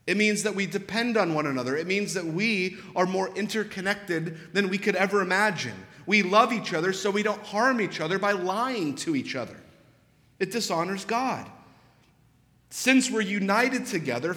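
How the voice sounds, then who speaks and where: Young male pastor in a reverberant hall. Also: on the high side. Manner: conversational, animated storytelling with quick asides. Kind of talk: sermon. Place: church sanctuary.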